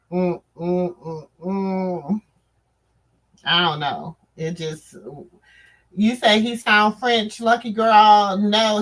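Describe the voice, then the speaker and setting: A woman's voice: medium pitch, a bit bright, poor audio. A woman in AAVE giving chatty commentary to her viewers, full of asides.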